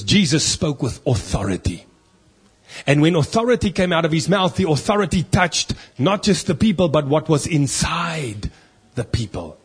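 A man delivers a sermon with emphatic conviction, firing rhetorical questions at his listeners and reading scripture aloud. His voice sits a little high and carries a husky, breathy edge. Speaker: preacher.

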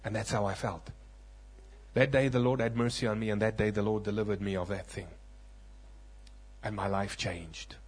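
A male preacher giving a sermon testimony, telling his story dramatically and acting out voices, swinging from loud bursts to hushed moments. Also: fairly low pitch, fairly even intonation, normal speed, long pauses.

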